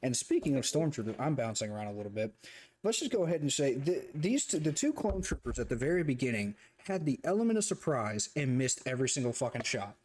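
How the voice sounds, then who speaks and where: A man co-hosting a casual review chat, talking in a rambling, profane, animated way. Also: medium pitch, quick pace. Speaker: co-host reviewing a show.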